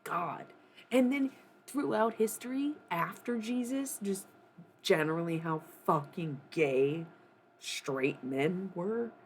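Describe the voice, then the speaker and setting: A woman's voice: on the low side, takes it slowly, slight background noise. A woman streaming live, ranting in a casual, profane, worked-up way and often laughing.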